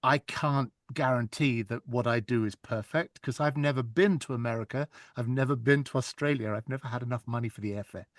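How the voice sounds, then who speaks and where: A man's voice: mid-range voice, brisk, hardly any pauses, no room sound. This is a man being interviewed about narrating audiobooks. He talks in an earnest, reflective way and often restarts a phrase to find the right word. His voice sits in a middle range and the recording is dry, with no room around it. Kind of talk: casual interview chat.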